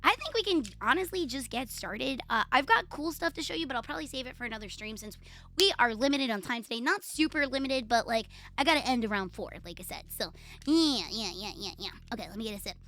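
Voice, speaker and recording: A woman's voice: a little high, fairly bright tone. A woman with a Puerto Rican accent chatting casually on a live stream, playful, profane and teasing herself and her viewers.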